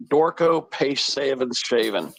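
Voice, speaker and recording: A man's voice: mid-range voice, lively intonation, takes it slowly, creaky, no echo, poor audio. A man on a casual live chat, curious and full of questions.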